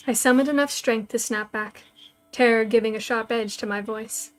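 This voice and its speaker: Woman reading a novel out loud, higher voice, pretty flat and even, faint music. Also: moderate pace. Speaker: storyteller.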